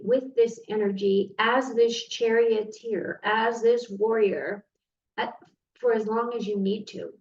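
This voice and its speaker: A woman's voice: a little high, darkish tone. A woman giving a tarot reading straight to the viewer, earnest and easily moved, recorded from a distance in a roomy space. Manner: earnest, emotional, speaks directly to the viewer. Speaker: tarot reader. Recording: roomy, distant, dull sound with faint noise.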